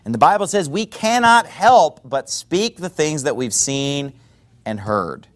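A man preaching a sermon in a conversational, digressive way with quick rhetorical asides. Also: fairly high pitch, very animated.

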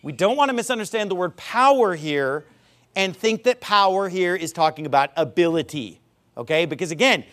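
A man preaching with an animated, emphatic delivery, his voice set high and swinging widely in pitch. He drives each point home by repeating phrases and firing rhetorical questions at his listeners. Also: normal speed. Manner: calls a congregation member up for a live illustration. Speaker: pastor. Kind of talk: sermon.

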